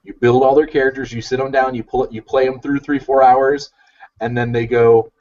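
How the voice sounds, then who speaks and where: A man's voice: mid-range voice, little pitch movement, brisk, darkish tone, a little hiss or hum. A man co-hosting a podcast, confidently explaining a plan step by step. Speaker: podcast co-host. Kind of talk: casual chat. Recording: distant mic, dull lo-fi audio.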